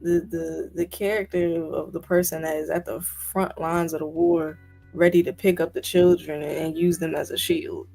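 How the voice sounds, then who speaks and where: A woman's voice: sits low, flat delivery, normal speed, creaky, warm tone, faint music behind. A woman guest in a casual discussion, talking emphatically with indignant rhetorical questions. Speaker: guest commentator.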